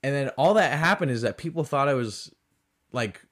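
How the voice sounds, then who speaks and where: A man's voice: mid-range voice, lively intonation, normal speed, a bit bright. A man hosting a podcast, talking in a rambling, sarcastic way, full of "like" fillers, in a casual comedic monologue. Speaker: podcast host.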